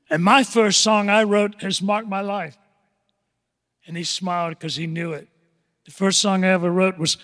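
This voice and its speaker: Older male pastor, high voice, dramatic sermon delivery, loud-to-hushed swings. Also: fairly even intonation, moderate pace, pauses often. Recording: long echoing hall reverb.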